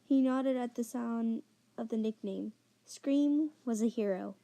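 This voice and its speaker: A woman narrating a short-story audiobook in a soft, careful read-aloud manner. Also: on the high side, a little slow, gravelly, no echo.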